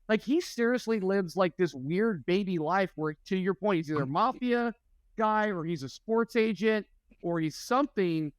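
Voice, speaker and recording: A man in his thirties co-hosting a podcast, telling an animated story in casual chat. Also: high voice, moderate pace, smooth, no echo. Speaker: podcast co-host.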